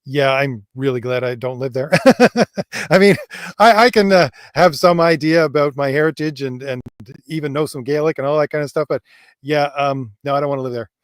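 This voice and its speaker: A man co-hosting a casual livestream chat, speaking earnestly and filling pauses with hesitations. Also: a little high, no room sound, studio quality. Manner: earnest, fills pauses with um and quite honestly. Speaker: co-host and author.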